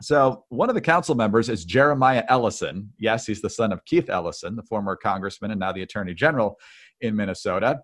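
A man co-hosting a political commentary podcast, speaking hesitantly with frequent filler pauses. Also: fairly low pitch, lively intonation, fairly bright tone. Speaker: podcast co-host.

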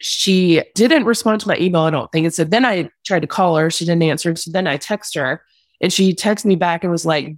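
A woman's voice: on the low side, a little fast, no echo. A young adult woman recounting a painful personal ordeal as a podcast guest, candid and rambling with many "like"s. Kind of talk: emotional personal account.

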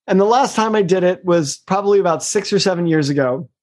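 Middle-aged guy, higher voice, coach chatting in an interview, emphatic, quick then slow. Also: a little mellow. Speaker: executive coach and guest. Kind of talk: casual interview conversation.

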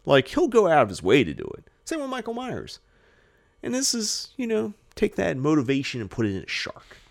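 A man hosting a movie podcast in casual chat, animated and profane, joking and acting out characters. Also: on the high side, a little fast, gravelly. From Los Angeles area. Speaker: podcast host.

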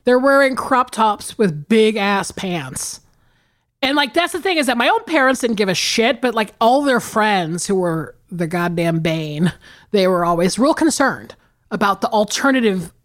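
A woman in her forties co-hosting a podcast, chatting casually about movies with lots of profanity and laughter. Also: fairly high pitch. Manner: animated, profane, laughing storyteller. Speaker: podcast co-host.

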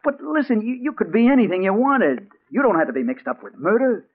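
A man's voice: high voice, sing-song, a little fast, slightly rough, heavily acted. A man playing a hard-boiled male crime reporter in a 1940s radio drama, narrating and talking in an urgent, anxious way. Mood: pleading. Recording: tinny old 1940s radio broadcast.

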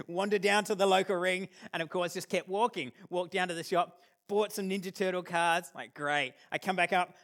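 An Australian man in his thirties speaks to an audience, his voice sitting high for a man. He tells stories with animated, self-deprecating humour and acts out the lines of the people in them. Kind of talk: storytelling talk to an audience.

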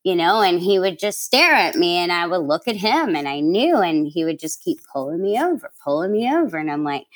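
A young New York City woman with a fairly low voice talks quickly and very animatedly as a guest in a casual interview. She tells stories chattily, laughing, using plenty of fillers and acting out quotes.

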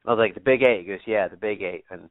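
A bow hunter guesting on a podcast tells a rambling story full of fillers and casual swearing. His voice is lowish and quick, with no echo, coming through a tinny, phone-like remote line.

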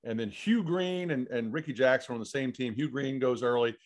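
Relaxed man hosting a podcast. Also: medium pitch, fairly quick. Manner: relaxed, chatty storyteller. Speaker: podcast host. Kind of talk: casual interview chat.

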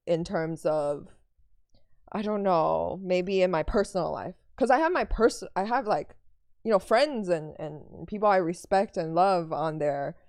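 A woman's voice: on the low side, unhurried, a little mellow, no echo, studio quality. Chatty, giggly woman podcast guest. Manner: chatty, giggly, self-correcting. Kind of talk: casual chat.

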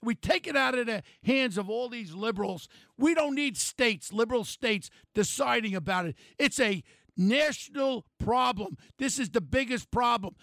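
A gravelly older man rants bluntly on talk radio, his voice raised and angry and pitched fairly high. He sounds close and dry on the mic, with no room around him. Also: expressive, normal speed, no echo. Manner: blunt, angry, shouting at times. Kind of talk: opinionated talk radio rant.

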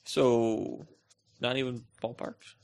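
A man's voice: medium pitch, little pitch movement, takes it slowly, gravelly, darkish tone, clean tone. A young man co-hosting a casual podcast chat, playful and teasing. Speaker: podcast co-host.

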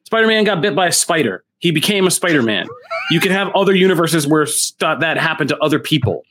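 A man's voice: fairly high pitch, expressive, fast, noisy background. A man co-hosting a podcast, giving blunt, opinionated takes in casual comics chat. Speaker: podcast co-host.

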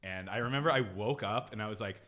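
A man hosting a podcast in casual chat, jokey and animated, swearing freely. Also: lowish voice, quick pace. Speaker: podcast host.

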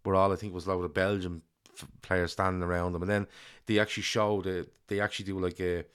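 A man's voice: low voice, flat delivery, fast, a bit bright, smooth. A man co-hosting a casual football podcast, chatting loosely, swearing and reading out listener comments. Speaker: podcast co-host. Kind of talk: casual chat.

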